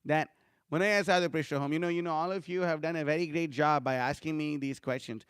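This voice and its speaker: A man giving an informal scripture lecture, talking conversationally with frequent fillers and animated storytelling. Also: a little high, a little fast, smooth, no echo, studio quality. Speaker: scripture class speaker.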